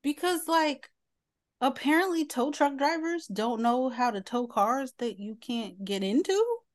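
A woman's voice: high-pitched, lively intonation, measured pace. A woman co-hosting a casual podcast, chiming in with playful, teasing banter. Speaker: podcast co-host. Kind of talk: casual chat.

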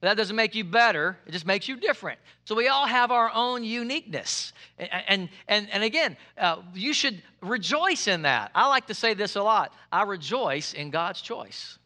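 A male pastor preaching a sermon, lively and joking with the congregation, repeating his key phrases. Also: high voice, normal speed, few pauses.

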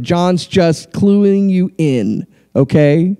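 High-voiced pastor preaching a sermon. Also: male voice, expressive, measured pace, darkish tone. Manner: reads scripture aloud, then adds blunt everyday asides.

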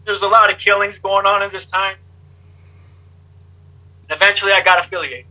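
A man with a high, sharp and very bright voice talks through his past in an interview. He is blunt and streetwise, with slang and the odd curse. He slips into other people's lines as he tells it. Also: steady tone, normal speed, rough recording. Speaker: interview guest. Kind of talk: candid life story told in conversation.

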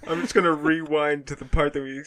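A man's voice: a little high, fairly even intonation, fairly quick, a loud crowd. A man co-hosting a casual movie podcast, teasing his friends and retelling the plot. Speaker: podcast co-host. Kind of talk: casual movie review chat.

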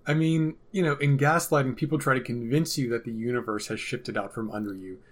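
A man's voice: mid-range voice, brisk. A man co-hosting a casual podcast about a TV episode, making dry, sarcastic jokes. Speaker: podcast co-host.

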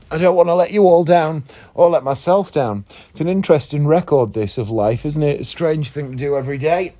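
A man's voice: medium pitch, a little mellow. Groggy man with a slight northeast twang. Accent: slight northeast English. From northeast England. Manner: rambling, chatty, self-mocking. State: groggy, just woken up. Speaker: podcast host. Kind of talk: casual morning podcast monologue. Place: in bed at home.

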